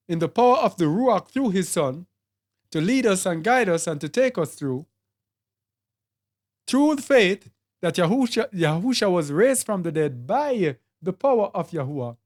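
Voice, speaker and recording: A Bible teacher with a Jamaican accent preaching a sermon, speaking deliberately and repeating and listing words for emphasis. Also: mid-range voice, big pitch swings, darkish tone.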